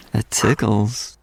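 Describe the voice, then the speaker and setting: A woman's voice: extremely low pitch, vocal fry, slight background noise, full character voice. A woman voicing a needy pet corgi in an ad, giggly and sighing. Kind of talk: ad acting.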